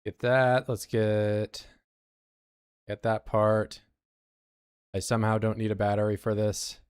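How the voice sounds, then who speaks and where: A man's voice: on the low side, little pitch movement, slow, smooth, dry recording, clean studio sound. An American man giving casual, joking commentary to his chat while he plays a video game. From United States. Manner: chatty, joking, talking to chat while playing. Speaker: game streamer.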